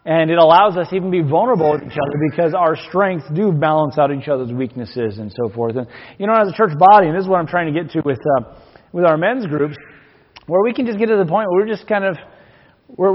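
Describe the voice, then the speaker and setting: A man's voice: high-pitched, fast. A man preaching a sermon as pastor, folksy and joking between readings from scripture. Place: church sanctuary. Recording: long hall reverb, dull lo-fi sound.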